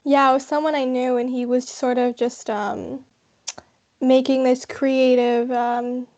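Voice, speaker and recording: A young woman, a university student, answering interview questions in a hesitant, halting way. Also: high-pitched, level tone, a little mellow, highs cut off. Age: young adult. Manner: hesitant, halting with many pauses. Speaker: guest, university psychology student.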